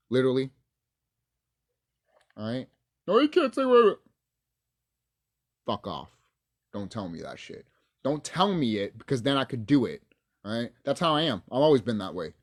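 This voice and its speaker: A man's voice: medium pitch, lively intonation, moderate pace, pauses often. A man ranting angrily on his own video channel, cursing freely as he talks at home into his camera's mic. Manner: angry, profane ranting. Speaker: YouTuber. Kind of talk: casual ranting vlog.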